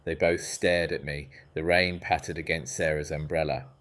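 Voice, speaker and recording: Deep-voiced man narrating a story. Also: fairly even intonation, normal speed, a bit bright.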